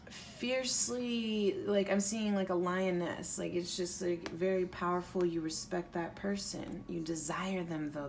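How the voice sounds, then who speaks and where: A woman's voice: lowish voice, vocal fry, noisy background. A woman giving a casual pick-a-pile tarot reading, rambling loosely and leaning on "like" as she talks through the cards. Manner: casual, rambling, heavy use of "like". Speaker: tarot reader.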